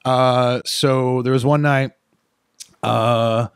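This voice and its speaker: A man's voice: medium pitch, fairly even intonation, very slow, clear, resonant tone, dry recording, studio quality. A man in his thirties, a comedian guest on a podcast, casually telling a long story full of "uh"s and self-corrections.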